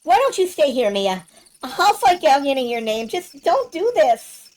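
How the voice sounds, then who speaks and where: A woman's voice: sits high, sing-song, measured pace, darkish tone, voice pushed up. A woman voicing an anxious young male mage who pleads and frets, reading game dialogue aloud. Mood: pleading. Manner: worried, pleading.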